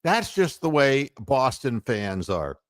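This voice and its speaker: Brief: male sports-talk host, rambling and fired up, lively voice, dry close recording. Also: medium pitch, slow pace, dry recording. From Ohio. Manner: rambling, heated, full of fillers and mocking quotes. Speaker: podcast host.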